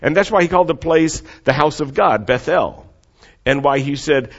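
A man preaching a sermon with expressive delivery, leading the congregation to repeat lines after him. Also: on the high side, moderate pace, lo-fi sound. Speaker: pastor.

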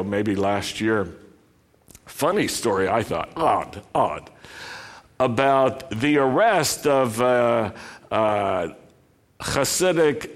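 A man preaching a sermon, speaking deliberately and lifting his voice when he reads a passage aloud. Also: mid-range voice. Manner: slow, deliberate delivery with emphatic rising quotations.

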